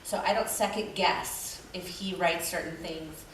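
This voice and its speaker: A lower-voiced woman explains a point earnestly on a panel. She is heard from across an echoey hall, with faint noise in the background. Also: far from the mic. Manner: earnest, measured. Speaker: author on a panel. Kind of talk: panel discussion.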